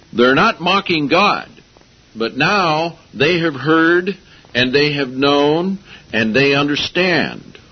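Emphatic man preaching, husky lo-fi. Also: medium pitch. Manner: sarcastic and rising to emphatic outbursts. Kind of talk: sermon. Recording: dull lo-fi audio.

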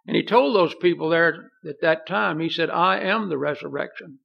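Gravelly high-voiced preaching man. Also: normal speed, few pauses. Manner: earnest, folksy preaching with scripture reading. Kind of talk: sermon. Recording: dull lo-fi recording.

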